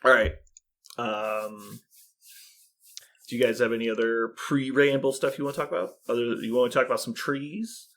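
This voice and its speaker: Podcast host, male, bright and forceful tone, chatty and quick to laugh. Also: mid-range voice, fairly even intonation. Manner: laughs often while retelling scenes. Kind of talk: casual chat.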